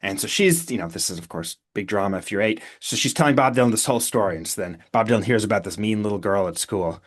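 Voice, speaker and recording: A man, an author and podcast guest, telling anecdotes in a casual, animated way, with many fillers and restarts. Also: lowish voice, fast.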